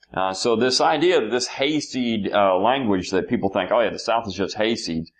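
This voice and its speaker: A man with a fairly low voice lectures his class on history. He speaks off the cuff, pausing often on fillers and restarting his sentences as he goes. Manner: unscripted, many "uh" fillers and restarts.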